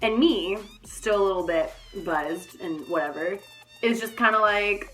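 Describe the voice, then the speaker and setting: Bright-voiced young woman, animated and sweary. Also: mid-range voice, a little slow, faint music behind. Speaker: vlogger. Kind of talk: casual storytime vlog.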